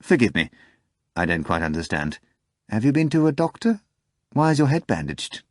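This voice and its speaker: Curt dry-spoken professor, middle-aged man, fairly low voice, a male narrator reading him, close dead-dry sound. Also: sing-song, normal speed, dry recording. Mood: puzzled.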